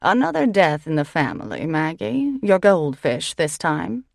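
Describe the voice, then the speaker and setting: A woman doing a sharp-tongued housekeeper. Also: fairly high pitch, sing-song, normal speed, vocal fry, no echo, pitched above the performer's own voice. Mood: sarcastic. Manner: dry, sarcastic.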